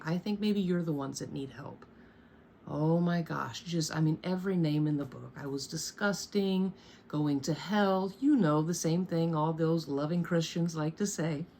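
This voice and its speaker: A woman in her thirties with a low voice tells her own story straight to a phone camera in her bedroom. She talks bluntly, swears freely and drops wry asides. A faint hiss sits under the voice. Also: gravelly. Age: 30s. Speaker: storyteller vlogger. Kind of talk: candid personal storytime. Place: bedroom at home.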